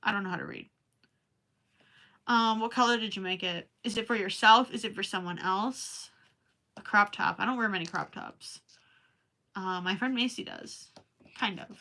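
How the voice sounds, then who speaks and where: A young woman with a Minnesotan accent rambles to her viewers while she crochets late at night. Her voice is bright and forward but tired, and her talk is easy and chatty. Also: mid-range voice, moderate pace, pauses often. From Minnesota, USA. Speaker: crochet livestreamer. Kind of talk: casual chat while crafting.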